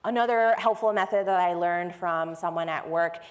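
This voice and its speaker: A woman's voice: on the low side, normal speed. A woman giving a technical conference talk, explaining step by step in a conversational way. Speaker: conference speaker. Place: large conference hall. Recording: long hall reverb.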